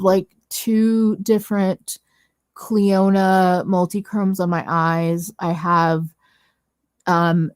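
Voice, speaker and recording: A woman's voice: medium pitch, a little mellow, no room sound. Chatty woman rambling about makeup. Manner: chatty, rambling, self-correcting. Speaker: co-host of a beauty livestream. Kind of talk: casual chat about makeup.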